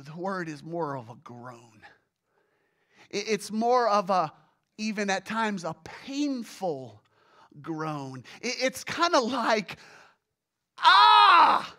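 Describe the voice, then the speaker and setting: A pastor preaching a sermon, swinging from hushed, low passages to loud exclamations and acted groans. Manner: illustrates with everyday examples and acted groans.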